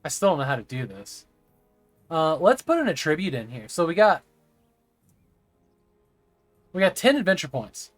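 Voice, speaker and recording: A man's voice: fairly high pitch, big pitch swings, fairly quick, dry recording, faint music behind. A man streaming a game live, rambling and chatting with viewers, sometimes stammering over words. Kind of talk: live gameplay stream chat.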